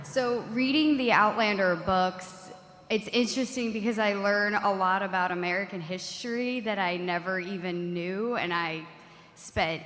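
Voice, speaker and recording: A woman's voice: mid-range voice, unhurried, fairly bright tone, in a large hall. A woman from New York City asking a panel a question, friendly and talkative. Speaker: audience member asking a question.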